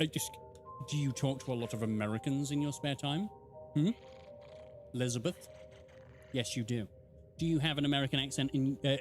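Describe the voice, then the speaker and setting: Animated English streamer man. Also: fairly high pitch. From England. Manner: animated, swearing, answering chat. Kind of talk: casual live-stream chat while gaming.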